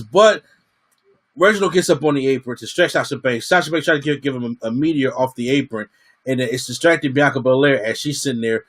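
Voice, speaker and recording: A man giving a casual, slangy wrestling review, acting out what the wrestlers said. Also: medium pitch. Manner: animated, slangy, acts out quotes.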